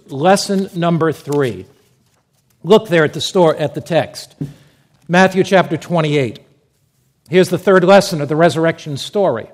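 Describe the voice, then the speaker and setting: A male preacher giving a sermon, telling a story and reading scripture with emphatic delivery. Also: high voice.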